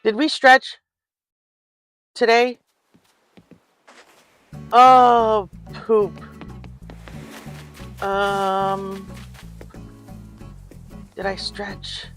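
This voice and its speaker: A woman's voice: mid-range voice, completely flat delivery, very slow, long pauses, fairly bright tone, soft background music. An older woman streaming a life-sim game, chatting casually and telling stories with frequent laughs. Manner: chatty storyteller, laughs often. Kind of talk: casual gameplay chat.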